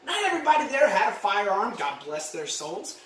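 A woman playing a boastful, rambling male ex-Marine patriot dad in a comedy monologue, shouting one moment and muttering the next. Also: sing-song, brisk, slight background noise, lightly acted. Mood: blustering. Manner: boastful, rambling, shouts then drops low. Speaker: comedy vlogger. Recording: roomy echo, mic at a distance.

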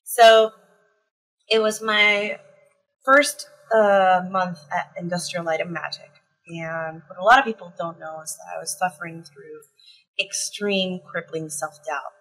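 A woman guest telling a candid, reflective story about her work, with frequent ums and soft laughs. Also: on the low side, steady tone, a little slow, poor audio. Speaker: concept artist guest.

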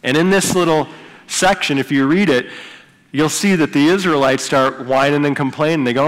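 A man's voice: a little high, steady tone, normal speed, long reverb tail. A male pastor preaching a sermon in a conversational way, retelling Bible stories with casual asides to the congregation. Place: church sanctuary.

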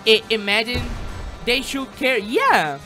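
A man's voice: extremely high pitch, big pitch swings, slow pace. A man chatting on a live stream while gaming, rambling, stuttering and swearing. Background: game music.

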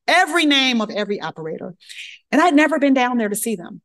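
A woman's voice: a little high, very animated, fast talker, fairly bright tone. A woman giving a lecture, telling a story and acting out the dialogue in character voices. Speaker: guest speaker at medical grand rounds.

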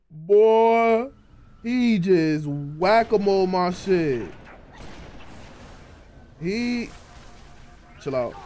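A young man in his twenties streaming a shooter game, trash-talking his opponents with excitable outbursts and chanting the same catchphrase over and over. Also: high-pitched. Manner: excitable trash talk with loud repeated chants. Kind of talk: live gameplay commentary.

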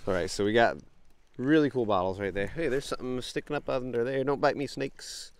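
A young man, chatting excitedly to viewers while wading a creek, sniffling from allergies. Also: medium pitch, fast talker, clear, resonant tone. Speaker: bottle-hunting vlogger. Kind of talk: casual outdoor vlog narration. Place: outdoors in a creek.

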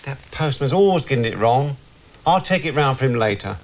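A performer playing a placid, resigned middle-aged husband. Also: female voice, rumbling low, expressive, brisk, darkish tone. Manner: mild and resigned.

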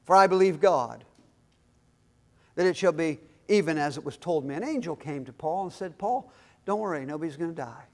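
A man's voice: on the high side, expressive, normal speed, darkish tone. A male pastor preaching a sermon, emphatic, with call-and-response questions to the congregation. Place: church.

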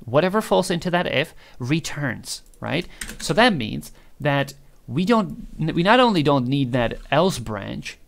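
A man's voice: on the high side, sing-song, measured pace, vocal fry, few pauses. Casual man thinking aloud. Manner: thinking aloud, loose and joking, swears casually. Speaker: programming tutor. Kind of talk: casual screen-recorded tutorial.

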